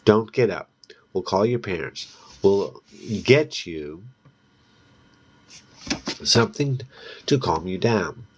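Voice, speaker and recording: A flustered teenage boyfriend who fusses and urges his girlfriend to lie still, as a man reads him out from a storybook. The voice is low and slow, with an anxious push behind it. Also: expressive, highs cut off. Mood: worried. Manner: anxious, urging.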